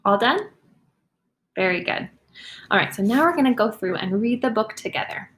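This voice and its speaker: A woman teacher leads young students through a reading lesson. She, speaks at a middle pitch, and slows down to sound out words clearly while praising each child. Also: animated, fairly bright tone. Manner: encouraging, slow and clearly sounded out.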